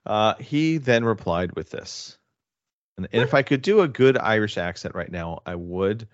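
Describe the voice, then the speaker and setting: A man hosting a casual podcast chat, joking and teasing, with halting restarts. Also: fairly low pitch, animated, dry recording, dull audio. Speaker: podcast host.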